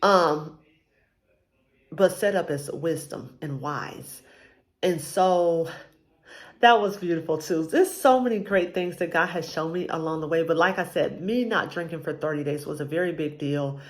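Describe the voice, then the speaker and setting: Woman, lower-pitched voice, casual faith vlog, earnest, rambling, lots of ums. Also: a little slow. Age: adult, married with a child. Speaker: vlogger sharing a faith journey. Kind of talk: casual personal testimony.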